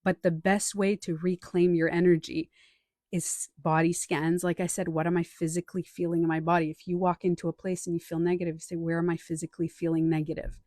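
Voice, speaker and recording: An animated woman hosting a casual live stream, talking straight into a close microphone in a dry room. She slips into other people's voices as she talks and repeats short phrases for emphasis. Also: on the low side, brisk, no echo. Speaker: life coach and author hosting a live stream.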